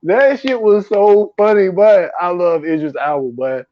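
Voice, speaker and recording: A man's voice: high-pitched, measured pace, dry recording, dull audio. A man co-hosting a casual movie podcast, talking in slang, laughing often and acting out scenes in quoted voices. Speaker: podcast co-host. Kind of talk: casual chat.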